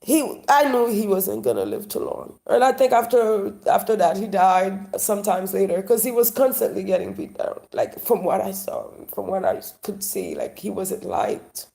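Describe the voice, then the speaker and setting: A woman with a Haitian accent delivering a rambling, emotional monologue. She sighs often and swings between loud talk and whispers. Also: medium pitch, moderate pace, gravelly, hardly any pauses. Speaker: vlogger.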